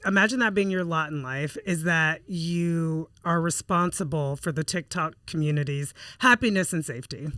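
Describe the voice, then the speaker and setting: A woman in her forties co-hosting a podcast, telling animated stories in casual chat and acting out the quotes. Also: low-pitched, moderate pace, hardly any pauses, dry recording. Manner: animated storyteller, acts out quotes. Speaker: podcast co-host.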